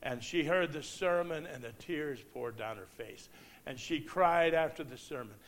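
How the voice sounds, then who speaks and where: A man delivers a fiery sermon in a somewhat high, bright and forceful voice. He reads scripture slowly, weighing every word, then drops to a hushed tone for his stories. His delivery swings between loud proclamation and quiet intensity. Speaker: preacher. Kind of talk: impassioned sermon.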